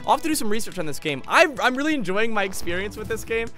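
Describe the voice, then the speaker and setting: A young man doing comedic video game commentary, excitable and giggly, with sudden yelps. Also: sits high, quick pace. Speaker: gaming YouTuber. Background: game music.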